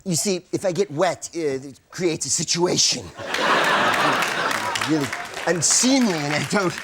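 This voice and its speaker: A man performing improv comedy on stage, playful and animated. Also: on the high side, measured pace, over a noisy crowd, heavy background noise. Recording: loud audience laughter behind.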